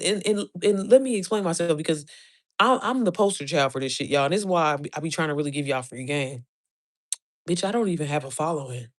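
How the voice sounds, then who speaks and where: Blunt, profane woman lecturing her followers. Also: lowish voice. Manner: emphatic rhetorical questions; quick laughs between points. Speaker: online business coach. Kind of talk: casual motivational rant to camera.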